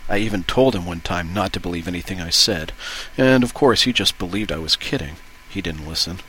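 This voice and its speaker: A man reads book passages aloud in a steady, even manner. His voice sits very low, with a faint hiss running behind it. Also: brisk, poor audio. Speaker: reader of book excerpts.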